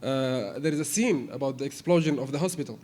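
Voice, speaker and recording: A man's voice: medium pitch, fast, darkish tone, slight background noise. Hesitant man asking a question from the floor. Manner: hesitant, searching for words. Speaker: audience member asking a question.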